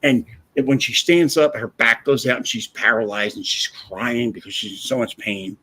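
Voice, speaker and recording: A man hosting a livestream, telling a personal story in a blunt, profane, animated way. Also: mid-range voice, normal speed, husky. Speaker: livestream host. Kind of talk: casual storytelling chat.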